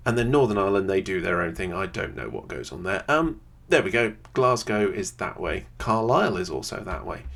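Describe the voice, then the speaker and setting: A man, thinking aloud in casual gameplay commentary from a quiet home room, often pausing with "um". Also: low voice, very animated, gravelly. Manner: thinks aloud, chatty, many "um"s. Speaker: video creator playing a geography game. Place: quiet home room with a computer under the desk.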